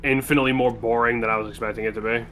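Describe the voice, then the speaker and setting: A man's voice: mid-range voice, steady tone, very fast, a bit bright, slight background noise. A man giving casual, sarcastic commentary while playing a video game, cursing freely. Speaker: game streamer.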